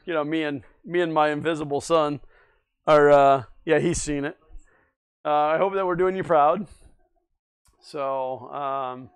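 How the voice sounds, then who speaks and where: A man with a fairly high, smooth, resonant voice hosts a relaxed livestream. He chats loosely and rambles, stopping often to respond to viewers in the chat. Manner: rambling, chatty, answers viewer comments. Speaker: livestream host.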